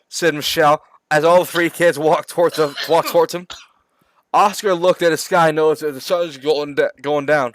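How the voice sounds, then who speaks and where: Brief: high-voiced young man, dry close sound, reads aloud and keeps swearing in disbelief. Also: steady tone, normal speed, no room sound. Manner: incredulous, swearing constantly. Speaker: reader reacting to a comedy book. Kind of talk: reading aloud with comic commentary.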